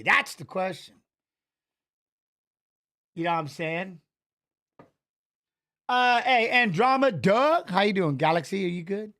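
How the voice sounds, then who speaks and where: High-voiced man chatting loosely on a live stream. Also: animated, unhurried, long pauses, fairly bright tone. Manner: greets chat viewers by name, loose and joking. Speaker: host of a fight watch-along stream. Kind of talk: casual live-stream chat.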